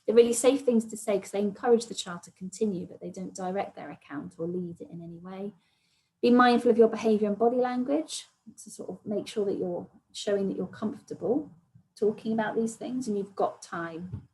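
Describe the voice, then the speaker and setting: A woman presenting an online training session, explaining patiently and often softening points with "sort of" and "kind of". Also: medium pitch, a little fast, poor audio.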